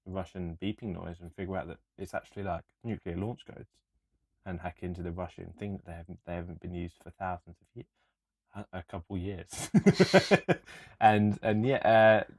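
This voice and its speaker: A man's voice: sits low, moderate pace, slightly rough, dry recording. A young man co-hosting a podcast stream, laid-back and mumbling with sweary banter. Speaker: podcast co-host. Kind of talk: casual livestream chat.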